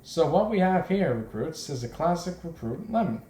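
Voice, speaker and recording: A harsh, barking drill instructor hurls insults and orders at his recruits, as a man puts him on. The voice is pushed a little higher and louder than normal speech. It was recorded in an echoey room with faint noise behind it. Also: very animated, moderate pace.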